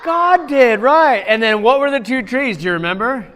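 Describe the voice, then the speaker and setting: A man teaching a children's church class, quizzing the kids with quick questions as he retells a Bible story. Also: extremely high pitch, animated, a bit bright. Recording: long hall reverb.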